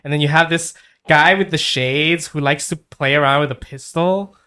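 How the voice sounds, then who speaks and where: A man's voice: fairly high pitch, moderate pace, bright, forceful tone, smooth. A man co-hosting a podcast, casually rambling through a bemused recap of a film's plot. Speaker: podcast co-host. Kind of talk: casual chat.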